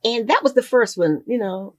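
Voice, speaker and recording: An older woman, a guest in an interview, telling stories in a relaxed conversational way and acting out the lines she quotes. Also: on the high side, normal speed, dry recording. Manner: warm storytelling, acts out quoted dialogue.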